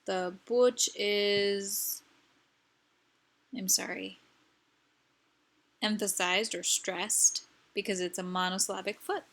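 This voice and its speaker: A woman's voice: mid-range voice, fairly even intonation, takes it slowly, long pauses, fairly bright tone. A woman teaching grammar rules, explaining patiently and repeating each example word.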